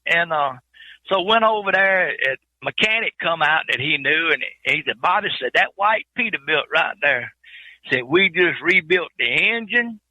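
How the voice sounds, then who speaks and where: A man's voice: a little high, lively intonation, normal speed, sharp tone, dry recording, lo-fi sound. A man telling his trucking life story in an interview, in plain folksy speech with many repeated words.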